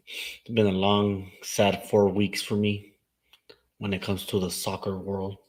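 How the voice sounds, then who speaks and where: Laid-back host mixing Spanish and English. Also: male voice, low-pitched, fairly bright tone, poor audio. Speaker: talk show host. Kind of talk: casual sports chat.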